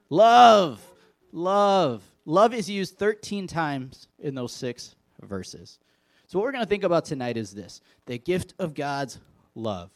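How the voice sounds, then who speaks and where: A man's voice: mid-range voice, a little mellow, no echo. A man preaching an informal evening sermon, reading scripture aloud and talking conversationally to the congregation. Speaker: pastor.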